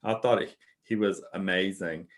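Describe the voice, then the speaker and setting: A man's voice: sits low, steady tone, moderate pace. A man appearing as a guest author, talking casually and hesitating, often repeating words as he thinks. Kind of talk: casual chat.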